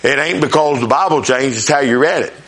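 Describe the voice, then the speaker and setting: A man delivers a sermon in a plain-spoken, folksy way, his voice medium in pitch and a bit bright. He frequently checks in with the congregation. Scripture passages are read slowly and emphatically.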